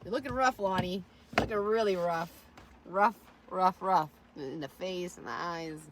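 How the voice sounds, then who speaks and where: A woman's voice: lowish voice, moderate pace, a little hiss or hum. A woman livestreaming from her phone, rambling and swearing to her chat with frequent laughter. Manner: rambling, profane, laughs often.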